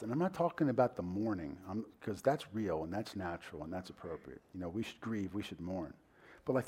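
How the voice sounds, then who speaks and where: A male pastor preaching a sermon in a loose, conversational way. He leans on fillers, and his voice sits mid-range in pitch. He breaks into loud, emphatic bursts to drive a point home. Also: slightly rough.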